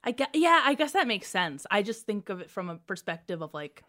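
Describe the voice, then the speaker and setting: A woman's voice: mid-range voice, big pitch swings, brisk, bright, forceful tone, no echo, studio quality. A woman on a comedy podcast making wry, self-deprecating remarks in casual chat.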